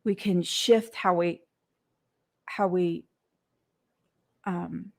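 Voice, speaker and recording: A woman's voice: fairly low pitch, steady tone, very slow, creaky. A woman hosting a motivational podcast, talking earnestly in an unscripted monologue, often repeating words and restarting. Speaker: podcast host and coach.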